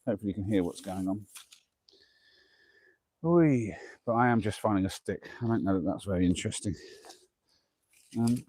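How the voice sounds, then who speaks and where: A man's voice: lowish voice, steady tone, fast, a little mellow, slightly rough, no room sound. A man live-streaming a camping vlog outdoors at night, chatty and self-deprecating, talking through each task and huffing from the effort. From England. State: huffing from exertion. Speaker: camping vlogger.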